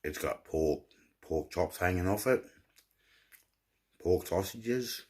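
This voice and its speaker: Very deep, slow, husky man. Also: darkish tone. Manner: laid-back, repeats words when telling a joke. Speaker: vlogger. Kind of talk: rambling casual storytelling.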